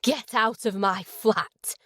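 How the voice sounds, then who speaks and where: A woman voicing a fiery young female opera singer shouting in a rage, in a storybook reading. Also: fairly even intonation, takes it slowly, dry recording, clean studio sound. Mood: scornful. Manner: shrill shouting.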